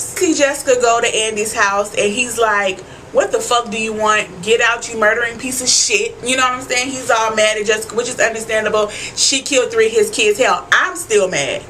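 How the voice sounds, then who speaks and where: A woman's voice: medium pitch, fairly bright tone, slight background noise. A young woman giving a casual, profane episode recap, talking straight to her viewers and often asking "you know what I'm saying". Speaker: TV recap vlogger.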